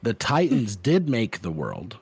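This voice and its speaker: A man at a tabletop game explains things slowly and patiently. His low voice is husky and moves through a lively pitch range. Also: no room sound.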